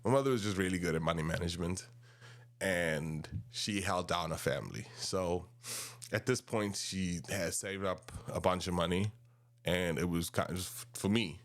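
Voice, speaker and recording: Man, South African accent, 30s, casual storytelling, rambling, very low voice. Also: moderate pace. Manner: rambling, animated, restarts often. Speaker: podcast host.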